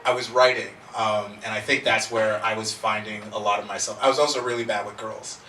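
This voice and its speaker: A man from Nigeria tells wry, self-deprecating stories on an author panel, his voice very bright. He is picked up from afar in an echoey room with faint noise. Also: on the low side, fairly even intonation, a little fast. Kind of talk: casual panel talk. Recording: echoey room, distant mic.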